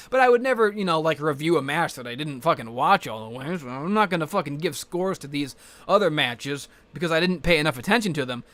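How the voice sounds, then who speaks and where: A man giving a casual, rambling wrestling recap, profane and excitable. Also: a little high, no room sound. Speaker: wrestling vlogger.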